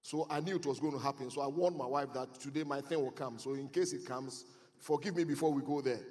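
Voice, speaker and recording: A middle-aged man giving a motivational speech at a conference, telling stories and building to loud, emphatic preaching. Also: medium pitch, fast. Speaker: conference speaker. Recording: long hall reverb.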